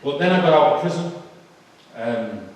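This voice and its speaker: A man's voice: a little high, expressive. Man telling his testimony in an echoey hall. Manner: emotional, halting, with many fillers. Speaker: speaker giving a testimony. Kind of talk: personal testimony talk. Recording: echoey hall, far from the mic.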